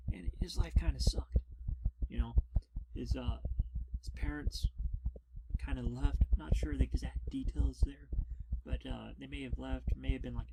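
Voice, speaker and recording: Gravelly-voiced man rambling in a whispered role-play. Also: a little high. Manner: rambling, deadpan, offhand. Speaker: ASMR storyteller. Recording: loud background noise.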